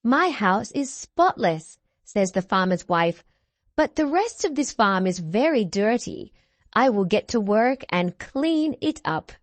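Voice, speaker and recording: Woman, slow read-aloud for young kids, clear storybook delivery, soft character voices. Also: mid-range voice, sing-song, no echo. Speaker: preschool teacher reading aloud. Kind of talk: children's read-along.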